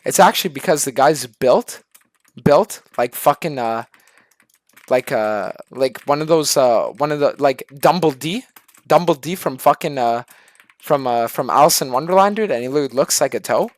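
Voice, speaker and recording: A man's voice: medium pitch, lively intonation, normal speed, dry recording. A male streamer telling an absurd story in a casual, profane rant.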